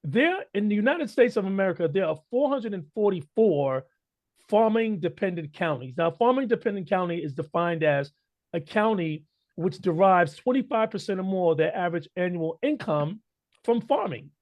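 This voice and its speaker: Male radio co-host, high voice, lecturing style, heavy on statistics. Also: animated, normal speed, a little mellow. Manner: lecturing, builds points with statistics. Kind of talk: talk radio discussion.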